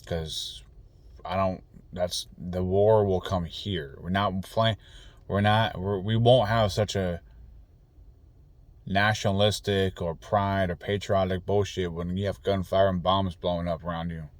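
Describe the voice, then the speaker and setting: A man's voice: deep voice, fairly even intonation, measured pace, dry recording. A man delivering an angry, profane, rambling political rant full of restarts. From United States. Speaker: political commentator. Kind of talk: ranting monologue.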